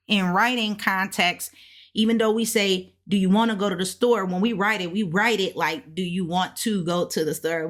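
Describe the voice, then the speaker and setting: A woman reviewing beginner flashcards out loud, thinking aloud in a relaxed, colloquial way and slowly repeating words to practise them. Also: mid-range voice. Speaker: language learner reviewing flashcards. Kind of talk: casual self-study walkthrough.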